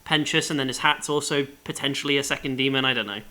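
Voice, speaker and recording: A man's voice: medium pitch, fairly even intonation, fast, bright, forceful tone. A man co-hosting a podcast in casual chat, asking wry, teasing questions. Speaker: podcast co-host.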